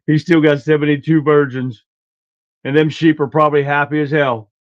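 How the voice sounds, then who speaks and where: A man hosting a political livestream, talking in a blunt, folksy way and clearing his throat often. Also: on the high side, level tone, normal speed, dry recording. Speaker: livestream host. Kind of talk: casual political commentary. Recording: dull lo-fi dry sound.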